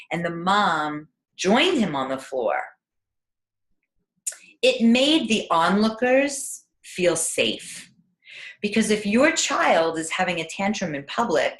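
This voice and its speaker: A woman parenting coach giving a teleclass, speaking in a gentle, encouraging way. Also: fairly low pitch. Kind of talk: teleclass talk. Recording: echoey room.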